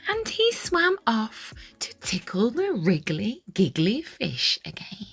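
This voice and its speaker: Slow, breathy woman reading a picture book aloud. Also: on the high side, soft background music. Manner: expressive, sing-song storytelling with whispered asides. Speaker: children's story reader.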